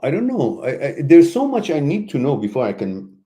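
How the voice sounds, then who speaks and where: A man hosting a live question-and-answer stream, giving blunt, animated relationship advice with emphatic outbursts. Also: moderate pace. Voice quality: animated, emphatic, swings high when exclaiming. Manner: blunt and preachy, mixes in laughter and asides. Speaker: host answering viewer questions.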